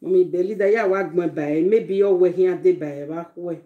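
A woman's voice: lowish voice, normal speed, phone-quality sound. A Nigerian woman chatting casually on a live stream, greeting her viewers one by one with effusive exclamations. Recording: roomy echo.

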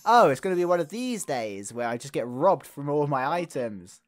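Casting: woman gamer, playful, lively pitch, casual let's play commentary. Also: moderate pace. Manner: playful, reads game dialogue aloud in shifting voices.

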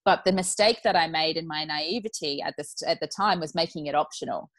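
A woman's voice: sits low, brisk, a bit bright, dry recording. A woman in her thirties, a podcast guest, talking candidly and chattily and laughing easily. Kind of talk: casual podcast conversation.

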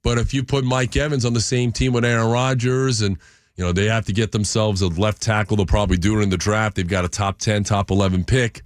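A man's voice: fairly low pitch, fairly quick, no room sound. Guy in his 40s on sports radio, acts stuff out, close dry studio mic. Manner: animated storyteller, acts out scenes. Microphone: studio microphone.

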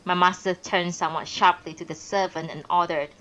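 A woman reading a classic novel aloud on a live stream, expressive with pauses and small self-corrections. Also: fairly low pitch, muffled recording. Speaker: narrator and streamer.

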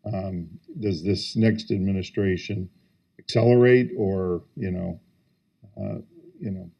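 A man speaking on a policy panel, measured and hedging, pausing often with fillers. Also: sits low, fairly even intonation, creaky, warm tone, slightly rough, muffled recording. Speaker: government technology official on a panel. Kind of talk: panel discussion.

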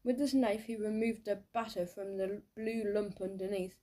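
A woman narrating a children's audiobook in a lively, playful storytelling manner. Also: medium pitch, normal speed.

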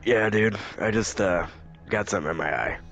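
A man's voice: fairly low pitch, moderate pace, fairly bright tone, dull audio, soft background music. A man casually joking and commenting during a game playthrough. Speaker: gamer. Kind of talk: let's play commentary.

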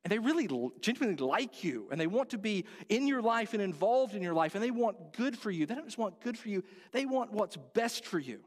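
A man's voice: high voice, sing-song, brisk, few pauses, big-room sound. A man preaching a sermon as pastor, earnest and conversational, asking the congregation direct questions. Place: church sanctuary.

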